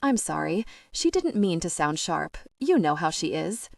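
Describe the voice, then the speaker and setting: A woman's voice: fairly low pitch, very animated, a little slow, vocal fry, no echo, clean studio sound, heavily acted. Woman playing a worried little sister, earnest, voice goes up and down a lot. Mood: apologetic. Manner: explaining earnestly.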